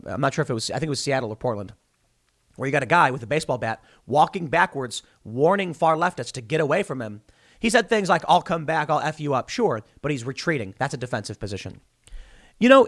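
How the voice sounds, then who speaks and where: A man hosting a solo political commentary show, sarcastic and heated, mocking the people he quotes in high voices. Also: fairly bright tone.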